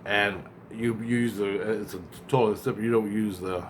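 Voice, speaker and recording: A man casually retelling a dream, rambling and acting out both sides of the conversation, often halting and repeating words. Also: fairly low pitch, steady tone, a little hiss or hum.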